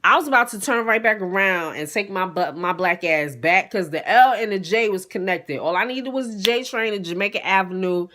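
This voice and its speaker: A young woman, telling an animated, profane storytime straight to her viewers. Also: medium pitch, fairly quick, few pauses. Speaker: vlogger. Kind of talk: casual storytime.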